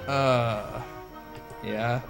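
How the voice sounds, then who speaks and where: A young man with a mid-pitched voice casts a video game match in a sardonic, profane tone. Clear game music runs under his commentary. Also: fairly even intonation, drawn-out words. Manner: sardonic, profane, laughs often. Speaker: esports commentator.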